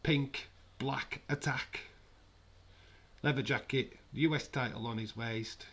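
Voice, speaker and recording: A man's voice: mid-range voice, fairly even intonation, slow pace, fairly bright tone. A man hosting a live wrestling watch-along, chatting casually with sarcastic, rambling asides.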